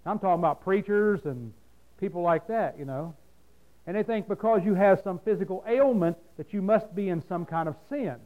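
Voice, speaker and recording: A man's voice: high voice, moderate pace, muffled recording. A man preaching a sermon in a folksy, plain-spoken way, asking his listeners questions and answering them himself.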